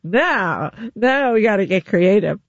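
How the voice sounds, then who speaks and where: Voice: medium pitch, very animated, unhurried. A chatty interview host who leads the conversation with easy questions and laughs often. The voice sounds slightly dull, as if on a muffled line. The recording is dry, with no room echo.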